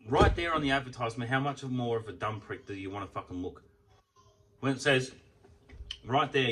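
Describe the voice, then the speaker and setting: A young Australian man venting in a heated, profane rant for his vlog. His voice is bright and forceful. He sounds a little away from the mic. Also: medium pitch, distant mic. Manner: heated, swears a lot. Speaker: vlogger.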